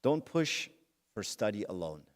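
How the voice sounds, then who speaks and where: A middle-aged man with a lowish voice and big pitch swings speaks unhurriedly. His conversational church talk focuses on a personal story, and he speaks directly to the audience.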